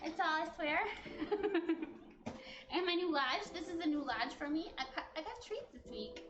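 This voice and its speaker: A woman's voice: high voice, lively intonation, a little fast, roomy sound, lo-fi sound, noisy background. A woman in her late thirties chatting casually while cooking on a live stream, self-mocking and laughing often, teary from onions. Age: late 30s.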